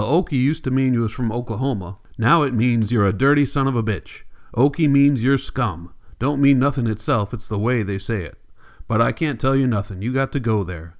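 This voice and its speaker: A man's voice: medium pitch, lightly acted. A man reading the part of a weary, bitter migrant farmer father in blunt rural folk speech, for an audiobook.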